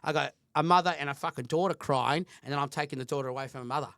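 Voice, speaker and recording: A man's voice: fairly high pitch, racing, fairly bright tone, no room sound, clean studio sound. A middle-aged Australian man co-hosting a podcast, telling a heated story in casual chat and swearing constantly. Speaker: podcast co-host.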